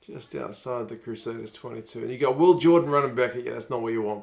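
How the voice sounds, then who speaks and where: A man's voice: medium pitch, fast talker, vocal fry, darkish tone. A man, chatting casually on a live stream while watching rugby and reading out viewer comments.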